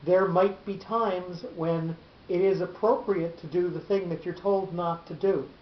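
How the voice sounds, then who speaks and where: Man, lecturer type, slightly high voice, patient and halting, roomy lo-fi recording with hiss. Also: fairly even intonation. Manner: patient, explanatory, often restarts phrases. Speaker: teacher of a Torah class. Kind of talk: lecture with frequent pauses and fillers. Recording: roomy, dull lo-fi with faint hiss.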